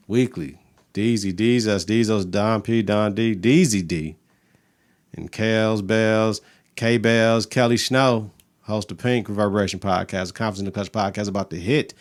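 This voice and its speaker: A man's voice: lowish voice, fairly even intonation, moderate pace, vocal fry. A man co-hosting a casual podcast, talking loose and profane with a hyped, rambling delivery. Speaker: podcast co-host.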